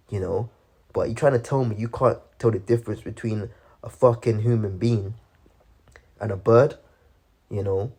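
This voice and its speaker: Low-voiced man preaching casually. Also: steady tone, a little mellow, husky. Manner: halting, many restarts, keeps saying "man" and "you know". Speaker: religious commentator.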